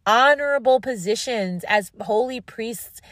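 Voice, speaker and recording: A woman's voice: on the high side, unhurried, a bit bright, no room sound, clean studio sound. A woman hosting a faith podcast, speaking earnestly and repeating phrases for emphasis as she talks and then prays aloud. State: tired and dry-mouthed. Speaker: podcast host. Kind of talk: devotional talk and prayer.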